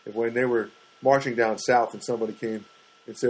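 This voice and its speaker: A slightly rough voice, fairly quick, comes through a rough recording of a middle-aged comedian. His rambling stand-up monologue is animated, with the quoted remarks of others performed through wide pitch leaps.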